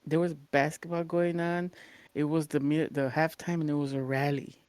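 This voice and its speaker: Animated woman telling stories. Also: deep voice, moderate pace, no room sound. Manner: animated, acts out quoted voices, swears casually. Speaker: podcast co-host. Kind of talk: casual storytelling chat.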